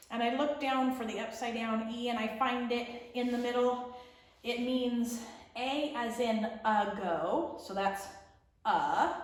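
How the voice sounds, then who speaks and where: A woman teacher explaining a lesson slowly and patiently, stretching out example words. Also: fairly high pitch. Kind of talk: remote classroom lesson. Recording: very echoey room.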